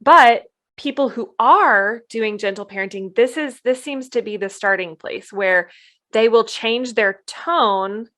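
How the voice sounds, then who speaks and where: A woman's voice: on the high side, unhurried, a bit bright. A woman co-hosting a podcast about parenting, talking casually and acting out parents' voices now and then. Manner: chatty, slips into playful voices when quoting parents. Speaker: podcast co-host.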